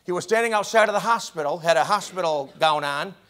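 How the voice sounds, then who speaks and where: A man preaching a sermon as pastor in a college chapel. He is animated, moving from loud exclamations to hushed whispers. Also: high voice, fast.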